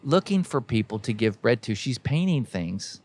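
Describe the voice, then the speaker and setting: A man's voice: mid-range voice, very animated, moderate pace, darkish tone, breathy edge, no room sound. A man hosting a podcast, delivering a folksy, emphatic motivational monologue that exhorts listeners directly. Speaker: podcast host.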